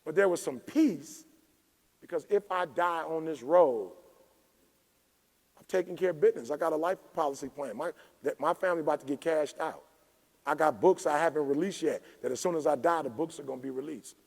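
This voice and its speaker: Gravelly high-voiced man preaching in a hall. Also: fairly quick. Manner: preachy, emphatic, builds to shouting crescendos. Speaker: motivational keynote speaker. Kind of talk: fiery motivational keynote. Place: large conference hall. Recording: reverberant conference hall.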